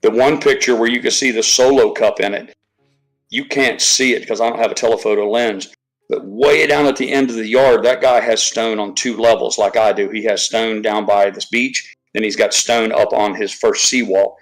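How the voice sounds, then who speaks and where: A man's voice: fairly low pitch, fairly even intonation, moderate pace, faint music behind, rough recording. A man chatting casually on a live stream, rambling, swearing freely and restarting his sentences often. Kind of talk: casual chat.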